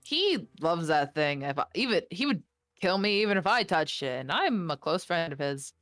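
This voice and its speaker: Lady game master narrating, lively voice, dry close sound. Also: fairly low pitch, normal speed, dry recording.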